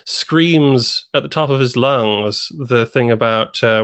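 Animated man chatting, dry sound. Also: medium pitch, normal speed, no echo, dull audio. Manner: animated, laughs while talking. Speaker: podcast panelist. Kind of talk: casual chat.

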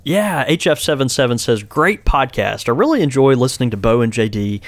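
A man with an American accent co-hosting a casual podcast, friendly and quick to laugh. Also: medium pitch, sing-song, no room sound. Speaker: podcast co-host.

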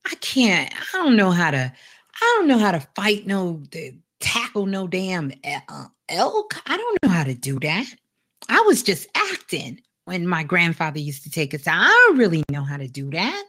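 Timid young male wolf in a spoken story, rambling and self-doubting, lively pitch; voiced by a woman. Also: normal speed, heavily acted. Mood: worried.

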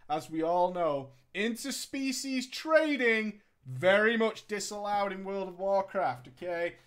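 Animated storyteller with sarcastic riffs. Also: mid-range voice. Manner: sarcastic, swears, breaks off to riff and laugh. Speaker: storyteller reading gaming stories. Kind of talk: comedic story reading with commentary.

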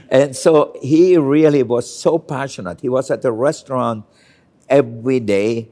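Speaking a little slowly in a medium-pitched, dark, slightly rough voice, an older Austrian chef gives a storytelling interview, candidly recounting anecdotes and imitating the people involved.

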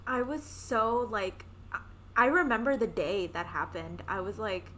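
A woman's voice: mid-range voice, lively intonation, unhurried, a bit bright. A young woman co-hosting a podcast, telling stories casually, acting out quotes and laughing often. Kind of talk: casual chat.

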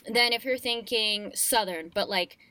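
A young woman chatting casually as a guest, animated and playful, laughing often as she talks. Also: fairly high pitch, measured pace, no room sound. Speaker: guest, voice actor. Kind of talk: casual conversation.

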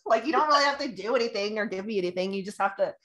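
Bubbly woman chatting with excited bursts. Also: mid-range voice, racing. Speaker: podcast co-host. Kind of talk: casual chat about astrology.

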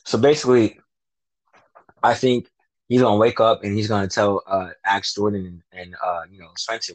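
A man's voice: fairly low pitch, fairly even intonation, fast, dry recording, low-quality recording. A man in casual chat, rambling through his guesses with slang and self-corrections, acting out the lines he imagines. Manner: loose slangy speech. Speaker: fan discussing a TV show. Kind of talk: casual chat, predicting plot.

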